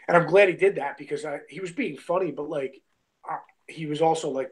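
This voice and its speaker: This young man talks fast in a fairly high voice as he casually recounts a story, leaning on "like," "bro," and "you know what I mean." He's a guest on the show and an independent wrestler, captured on a low-quality recording.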